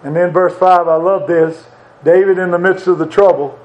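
A man's voice: sits high, steady tone, normal speed, poor audio. A man preaching a sermon in an earnest, conversational way, repeating short phrases for emphasis.

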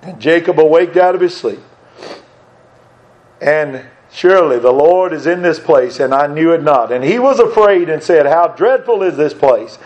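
Older male preacher, high voice, earnest and emphatic sermon delivery, muffled lo-fi recording. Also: animated, moderate pace, a little mellow. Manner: earnest, emphatic, repeats phrases for stress.

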